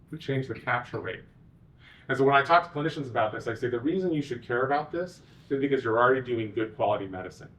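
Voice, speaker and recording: A man, a physician executive, giving a conference talk with animated, sarcastic asides. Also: mid-range voice, distant mic, muffled recording.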